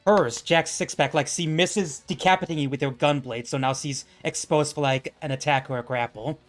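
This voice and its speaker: Male game master, rambling, filler-laden fight narration, high-ish voice. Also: fairly even intonation, normal speed, soft background music. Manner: rambling, filler-heavy narration with bursts of laughter.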